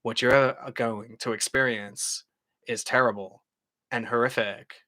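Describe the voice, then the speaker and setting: A British man doing a put-on American accent, impersonating a deep-voiced male true-crime narrator in a slow, grave, mock-ominous delivery. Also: steady tone, pushed and bright.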